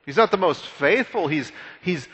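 A man gives a conversational sermon, retelling an old story with animated emphasis and often repeating his words. His voice sits fairly high and sounds bright and forceful. A long reverb trails behind him, as in a large hall. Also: moderate pace, breathy edge. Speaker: pastor.

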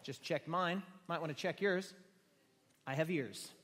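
Male pastor, high voice, dramatic sermon with loud-to-hushed swings, long hall echo. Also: unhurried. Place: room with a gathered congregation. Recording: reverberant hall sound.

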